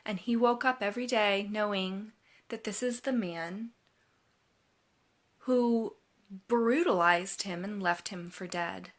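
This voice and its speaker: A woman advisor giving an inspirational storytelling talk, deliberate and repeating words for emphasis. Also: mid-range voice. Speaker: college advisor.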